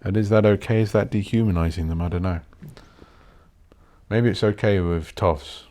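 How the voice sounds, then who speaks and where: A man with a very low voice, hosting his own podcast alone. He rambles and thinks out loud in a blunt, sweary, offhand way. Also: steady tone, moderate pace. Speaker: podcast host. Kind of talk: rambling solo podcast monologue.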